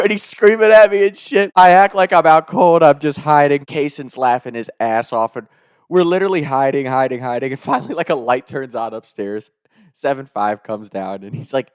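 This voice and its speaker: A young man telling a comedic story casually, animated, laughing often and swearing. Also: medium pitch, moderate pace, clean tone, no room sound, clean studio sound.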